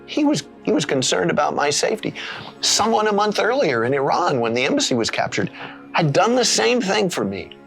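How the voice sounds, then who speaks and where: A man telling a personal story in an expressive way, with dramatic pauses. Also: high-pitched, gravelly, soft background music.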